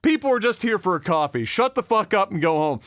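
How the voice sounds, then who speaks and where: A man's voice: sits high, animated, fast, fairly bright tone, dry recording, studio quality. A man ranting with heavy swearing in a casual podcast chat. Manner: profane, ranting, exasperated. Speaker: podcast co-host.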